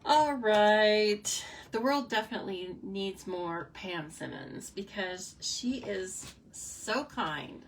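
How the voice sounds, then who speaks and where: A woman hosting a live card-making demo, chatting casually and excitedly with viewers as she works. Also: medium pitch, slow, few pauses. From United States. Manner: chatty and bubbly, reacts to comments, frequent laughs. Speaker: stamping demonstrator hosting a live stream. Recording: somewhat distant mic with faint noise.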